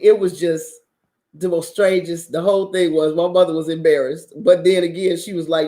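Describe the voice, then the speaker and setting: A woman, casually telling a story to her channel, profane and animated and often laughing. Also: lowish voice, moderate pace. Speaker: channel host.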